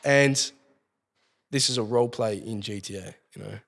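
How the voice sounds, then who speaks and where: A man's voice: on the low side, moderate pace, vocal fry, fairly bright tone. An Australian man telling a long story as a podcast guest, swearing constantly and rambling as he goes. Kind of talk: casual storytelling. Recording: long hall reverb.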